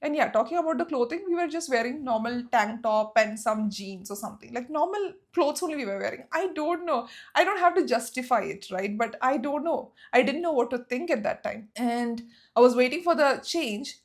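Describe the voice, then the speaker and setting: A young woman recounts a story for her vlog, her voice set a little high. She talks in an animated, exclaiming way and keeps turning to her viewers with rhetorical questions. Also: brisk. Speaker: vlogger. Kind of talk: storytime vlog, casual chat.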